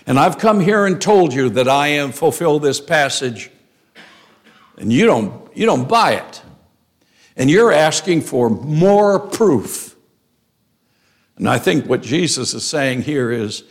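A man preaching an expository sermon, emphatic, repeating phrases for stress. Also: medium pitch.

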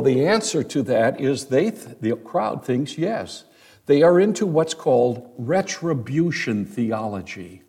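A male pastor preaches a sermon with emphasis, using rhetorical questions and dramatic pauses. His voice is mid-range, darkish in tone and husky.

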